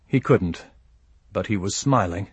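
Husky man narrating an audiobook. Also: fairly low pitch, expressive, measured pace, dry recording. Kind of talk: first-person audiobook narration.

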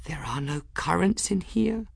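A man's voice: fairly high pitch, wildly swooping pitch, measured pace, vocal fry, fairly bright tone, slightly rough, dry recording, clean studio sound, voice pushed up, exaggerated voice. A man reading an audiobook voices an odd, dreamy young woman who whispers in a wavering, fussy way.

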